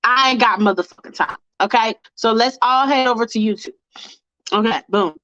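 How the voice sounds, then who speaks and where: A woman's voice: a little high, moderate pace, fairly bright tone, no room sound, dull audio. A woman hosting a fan livestream, ranting bluntly and with lots of swearing while talking to her chat. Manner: blunt, profane, fired-up, talks to chat. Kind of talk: casual livestream rant.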